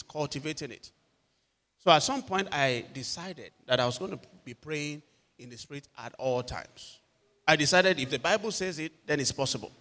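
A man preaching a sermon, telling personal stories and acting out what people said. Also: on the high side. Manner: animated storyteller acting out quotes. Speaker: pastor. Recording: long hall reverb.

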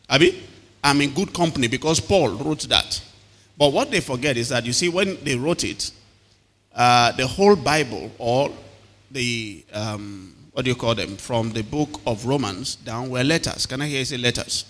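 A male pastor preaching to his congregation and drawing answers back from them. His voice is bright and forceful, at an ordinary pitch for a man. Long reverb trails off every phrase, as in a large hall. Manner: calls to the congregation for responses. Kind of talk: sermon.

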